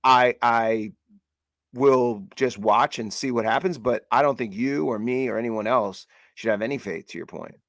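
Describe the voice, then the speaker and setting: A man co-hosting a sports podcast, reasoning things through in measured casual talk. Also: medium pitch, fairly bright tone, no echo. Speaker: podcast co-host.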